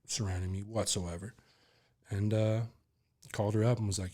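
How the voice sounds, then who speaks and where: A man's voice: fairly low pitch, level tone, normal speed, dark tone. A man, a podcast guest, telling a candid personal story in a rambling, casual way full of fillers.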